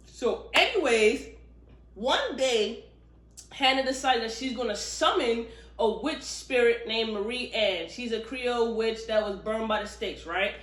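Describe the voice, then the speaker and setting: A woman recapping a thriller novel in a casual, animated book review, cursing freely and talking straight to viewers. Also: on the high side, unhurried. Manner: animated, profane, chatty storytelling. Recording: roomy echo.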